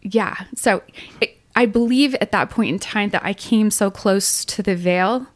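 A woman's voice: medium pitch, measured pace, no echo. Middle-aged lady telling her story on a podcast, earnest, dry close sound. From Utah. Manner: earnest, emotional retelling with quoted dialogue. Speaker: podcast co-host and medium. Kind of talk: personal storytelling in a podcast interview.

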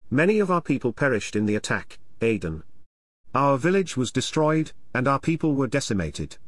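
A man's voice: mid-range voice, big pitch swings, normal speed, no echo. A man voicing a guilt-ridden man who speaks hesitantly, groping for words.

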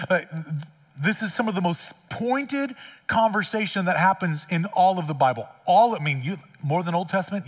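A man's voice: sits high, expressive, moderate pace, distant mic. A middle-aged man preaching a sermon as pastor in a church, conversational and blunt, repeating lines for emphasis. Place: church sanctuary.

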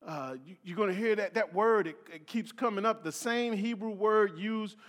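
Recorded with long hall reverb, this sermon comes from a Philadelphia preacher with a high, fairly bright voice at normal speed. He reads scripture aloud and explains it, often tripping over words, repeating himself, restarting, and filling gaps with fillers.

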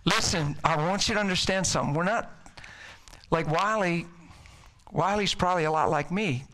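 Middle-aged male preacher, high and bright voice, ramped-up conversational sermon delivery. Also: moderate pace. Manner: energetic, emphatic, conversational preaching.

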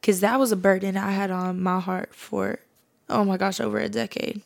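The podcast host is a woman with a medium-pitched, gravelly voice and fairly even intonation, talking at normal speed. She gives a casual, heartfelt faith testimony, leaning heavily on the word "like."

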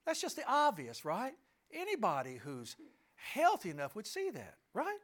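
A man's voice: sits high, huge pitch swings, normal speed, a bit bright. A middle-aged man telling a personal story to an audience, emphatic and asking listeners rhetorical questions. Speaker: speaker addressing an audience.

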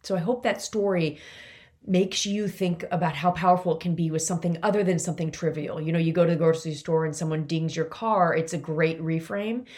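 A woman's voice: low-pitched, steady tone, a little fast, darkish tone. A middle-aged woman, a mother, telling a personal story to her listeners in an earnest, emotional, confiding way. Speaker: podcast host, mother of three boys.

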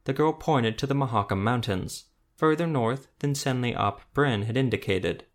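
Steady male audiobook narrator. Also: medium pitch, moderate pace. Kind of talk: scripted narration.

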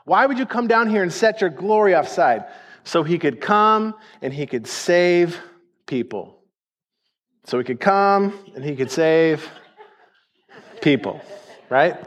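A man delivers a sermon with a fairly high voice. He talks casually and emphatically, and sometimes acts out the words of the people in his story. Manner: conversational, emphatic, acts out quotes. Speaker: pastor.

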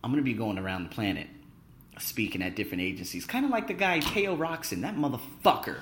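A man talking in a casual vlog monologue, excitable, boastful and full of swearing, as an English teacher vlogger. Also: mid-range voice, fast, reverberant.

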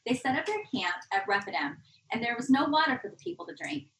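A woman reading a scripture passage aloud at a slow, measured pace. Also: sits high, big pitch swings, fairly bright tone. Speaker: scripture reader. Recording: echoey room, from off mic.

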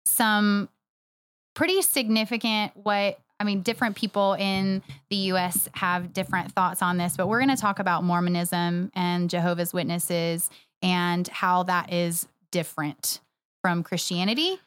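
A woman's voice: on the low side, fairly even intonation, a little slow, a bit bright, clear, resonant tone, dry recording. A woman co-hosting a church podcast, chatting casually, laughing often and agreeing emphatically. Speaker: podcast co-host, church next steps director. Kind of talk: casual chat.

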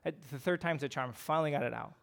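Conversational Midwestern pastor preaching. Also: male voice, fairly high pitch, quick pace, gravelly, a bit bright. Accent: Midwestern American. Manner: conversational, with fillers and frequent rhetorical questions. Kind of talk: sermon.

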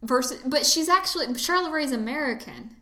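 A woman chatting casually as a film podcast co-host, her voice pitched a bit high and bright with a forceful edge. She talks in loose, filler-heavy runs. The sound carries a noticeable room echo. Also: fairly quick. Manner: chatty, lots of fillers, animated swings in pitch. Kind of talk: casual chat. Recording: echoey room.

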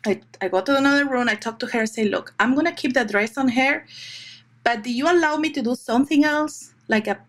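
Brief: middle-aged woman, higher-pitched voice, animated storyteller, photographer in a chatty interview. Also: fairly quick. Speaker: fine art children's photographer. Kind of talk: conversational interview.

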